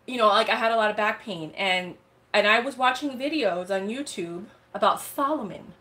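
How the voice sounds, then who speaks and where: A young woman hosting a livestream, chatting casually and telling a story with lots of slang and animated asides. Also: mid-range voice, moderate pace. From United States. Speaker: live sale host.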